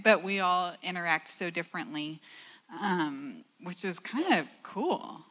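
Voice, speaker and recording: A woman in her forties reflects thoughtfully on a church panel, sometimes pausing to find the right words. Her voice is slightly low and has a bright, clear edge. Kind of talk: candid church panel conversation.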